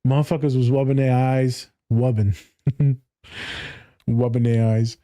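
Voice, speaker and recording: Man, therapist, casual podcast chat, profane and blunt, laughs a lot, very dark mellow voice. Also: a little slow. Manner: animated, mimics clients in higher voices. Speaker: therapist and speaker.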